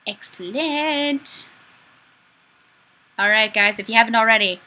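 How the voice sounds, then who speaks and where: Woman webcam host, upbeat and playful, highly expressive delivery. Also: unhurried, pauses often. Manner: playful, animated, often laughing. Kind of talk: casual live webcam chat.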